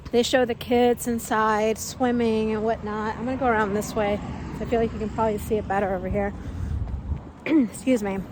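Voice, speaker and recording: A travel vlogger visiting film locations walks through town in winter, chatting casually outdoors, exclaiming and thinking aloud on her walking tour. Her voice is fairly high, with slight background noise.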